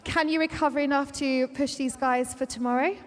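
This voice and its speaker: A high-pitched woman reporter chats with athletes in a bubbly, teasing manner. Her voice rings out with the long reverb of a big indoor arena. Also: fairly even intonation, brisk. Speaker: trackside reporter. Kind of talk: sports interview.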